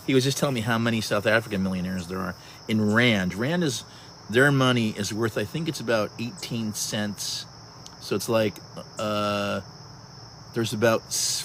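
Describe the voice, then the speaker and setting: Hosting a casual outdoor livestream at sunset, a talkative man in his early sixties greets viewers by their handles and keeps restarting his sentences. His voice is on the low side and a bit bright. The recording has slight background noise.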